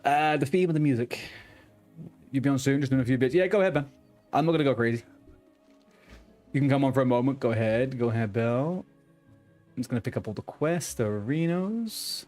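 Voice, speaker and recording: A man chatting casually with his viewers while he streams a game. He swears freely and trips over his own restarts, at an ordinary mid pitch for a man. Faint music sits in the background. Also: a little fast, long pauses, darkish tone. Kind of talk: casual live-stream chat.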